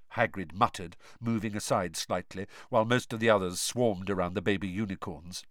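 A man narrating a novel as an audiobook in an expressive storytelling manner. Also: fairly low pitch, moderate pace, hardly any pauses, dry recording, studio quality. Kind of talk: scripted narration.

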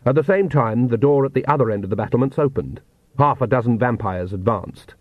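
A man narrating an audiobook in measured, even storytelling. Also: mid-range voice, no room sound, narrow, tinny audio. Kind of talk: scripted narration.

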